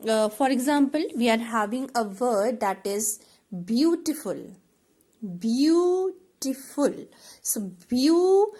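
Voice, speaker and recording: A woman teaches a classroom lesson at an unhurried pace. Her voice sits a little high, and she repeats words and fills pauses with "uh" as she explains. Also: a little mellow. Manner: slow, repetitive explaining with many fillers.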